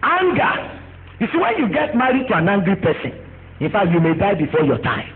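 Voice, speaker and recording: A man with a Nigerian accent preaching a sermon as pastor, animated and acting out the voices he quotes. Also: sits high, fairly quick, narrow, tinny audio. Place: church.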